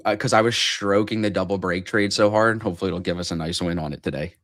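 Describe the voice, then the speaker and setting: Male co-host, lower voice, loose and crude, teasing banter over live trades. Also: fairly even intonation, fast talker, a bit bright. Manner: rambling, joking, crude, teases others.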